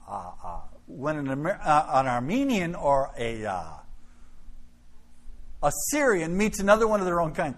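A middle-aged man preaching, telling a story in an animated, dramatic way. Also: high-pitched. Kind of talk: sermon storytelling. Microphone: filmed by a camera operator.

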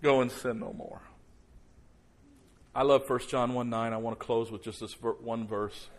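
A man preaching a sermon as pastor before a congregation, slowing right down and dropping to a near hush for emphasis, then rising loud. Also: medium pitch. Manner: slows down and drops soft for emphasis, then rises loud. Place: church service before a congregation.

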